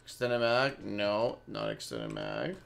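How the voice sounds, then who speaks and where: A man's voice: fairly low pitch, huge pitch swings, slow, vocal fry, slight background noise. A young Mexican-Canadian man casually rambling through live gameplay commentary and chatting with his viewers by name. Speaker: game streamer.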